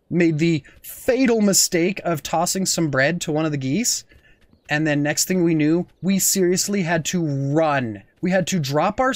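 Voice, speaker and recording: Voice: medium pitch, no echo. A young adult gaming host giving giggly, playful let's play commentary and often talking as the goose.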